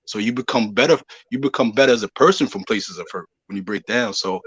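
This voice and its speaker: This show regular has a lowish, fast, fairly bright voice with a breathy edge, heard with no room sound and in poor audio quality. He argues emphatically on a live podcast discussion and keeps asking "you see what I'm saying" to make sure listeners are with him.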